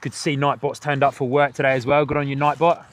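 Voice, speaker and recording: A man's voice: mid-range voice, level tone, fast talker. A man hosting a live plane-spotting stream outdoors near a runway. He talks chattily and greets his viewers by name. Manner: chatty, reads out viewer comments and greets chat.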